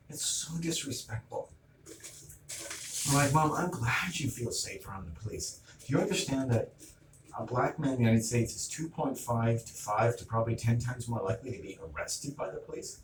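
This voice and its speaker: Middle-aged man, heated rant, mic well off, room echo and steady background noise. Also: mid-range voice, normal speed. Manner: agitated, retells arguments with quoted back-and-forth. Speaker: vlogger. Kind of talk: ranting monologue. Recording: roomy, distant mic, noisy ambience.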